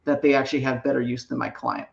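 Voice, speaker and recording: Gravelly man in an echoey room. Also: mid-range voice, fairly even intonation, fast talker. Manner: explanatory, tags sentences with "right?". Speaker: trademark attorney co-host. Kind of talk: explaining legal process on a live show. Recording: echoey, dull remote mic.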